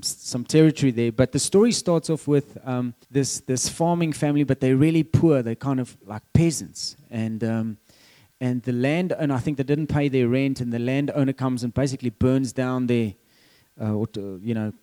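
A man's voice: mid-range voice, dark tone. A man with a South African accent preaching a conversational sermon, quizzing the congregation as he goes.

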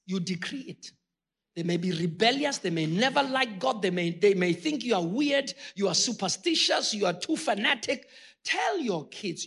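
A man preaching a sermon with passion, talking straight to his congregation and rising to shouted peaks. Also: high-pitched, expressive, moderate pace, slightly rough. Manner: addresses the congregation directly.

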